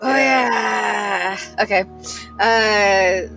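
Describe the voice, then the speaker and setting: A woman's voice: mid-range voice, lively intonation, normal speed, fairly bright tone, faint music behind, poor audio. A woman playing a tabletop game in character, bubbly and scatterbrained, peppering her talk with "like" and "don't you know". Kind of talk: in-character tabletop role-play.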